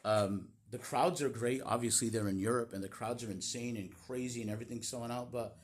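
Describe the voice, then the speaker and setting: A man's voice: medium pitch, fairly quick. A man giving a casual, opinionated recap of a wrestling show in a chatty storytelling way. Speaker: wrestling vlogger.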